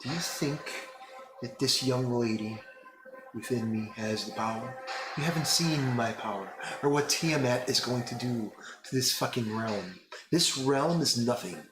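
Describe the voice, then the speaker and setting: A man voicing a cruel, powerful female villain who speaks slowly and with menace in a tabletop game. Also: mid-range voice, close to an everyday voice. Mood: menacing. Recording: echoey room with music behind.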